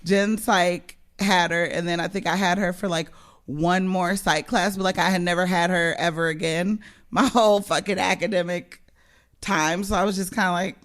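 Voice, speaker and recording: A young woman telling a story on a podcast. Her talk is casual and animated, full of swearing, and she laughs often. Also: on the low side, moderate pace. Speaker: podcast co-host.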